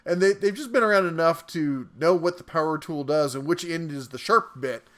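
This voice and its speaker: A man's voice: fairly high pitch, normal speed, a bit bright. A man hosting a tool channel, reading mean viewer comments aloud with playful, jokey delivery. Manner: playful and jokey, chuckles between lines.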